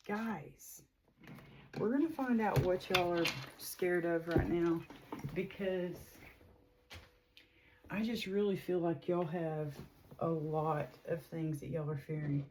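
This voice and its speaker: A middle-aged woman with a drawl chats with her viewers as a tarot reader. She rambles warmly, full of fillers and asides, and her voice sits low and mellow. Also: slow pace, pauses often, slight background noise, poor audio. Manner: chatty, rambling, with frequent fillers. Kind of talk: casual spiritual reading to viewers.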